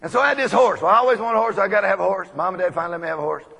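Preacher guy spinning folksy stories, high pitched, husky voice. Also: very fast. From Texas. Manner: folksy, animated anecdotes with laughs. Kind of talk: storytelling sermon. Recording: long echoey hall reverb.

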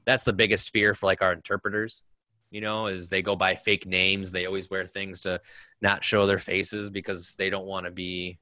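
A low-voiced man with a bright, forward tone recounts his deployments in easy, rambling conversation, padding his stories with fillers. The sound is dry and close. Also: little pitch movement, moderate pace, dry recording. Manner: storytelling with many fillers. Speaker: veteran guest. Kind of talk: casual conversation.

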